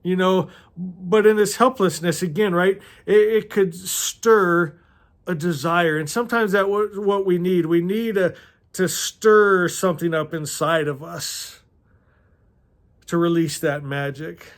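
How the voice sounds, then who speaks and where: A man's voice: high voice, fairly even intonation, unhurried. A middle-aged man reading a novel aloud and commenting on it casually, emotional, often laughing and swearing.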